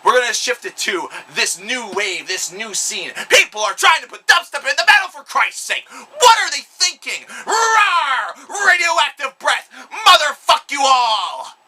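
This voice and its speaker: A man's voice: extremely high pitch, big pitch swings, measured pace, hardly any pauses, pushed and bright, a little hiss or hum, pitched above the performer's own voice, full character voice. A man putting on a shrieking, furious giant monster. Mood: roaring angry.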